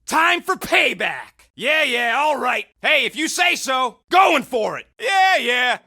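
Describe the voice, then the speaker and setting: An actor playing a gruff, wisecracking male raccoon gunner in a video game, yelling brash, sarcastic combat callouts. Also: extremely high pitch, very animated, slow, exaggerated voice. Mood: cocky banter.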